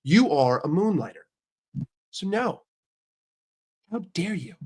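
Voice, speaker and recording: A man's voice: high voice, big pitch swings, takes it slowly, breathy edge. An American man with a blocked nose from a cold, bantering with his chat in a brash, profane, mock-outraged way. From United States. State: sick with a stuffy nose. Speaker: streamer answering chat. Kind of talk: casual livestream chat.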